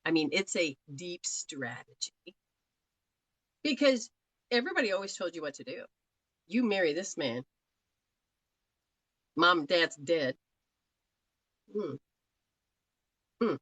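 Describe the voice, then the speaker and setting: A woman's voice: fairly low pitch, sing-song, slow pace, pauses often, a bit bright, husky, no room sound, rough recording. A woman from Australia giving live spiritual readings in a chatty, rambling way, laughing often. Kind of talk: live-stream talk.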